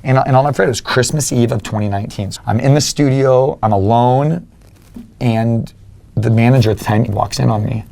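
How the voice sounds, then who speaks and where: A man's voice: mid-range voice, a little fast, creaky, mellow. A young man, a fitness coach as a podcast guest, earnestly telling his own story and acting out remembered conversations. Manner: earnest, acts out remembered dialogue. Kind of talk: personal storytelling in an interview.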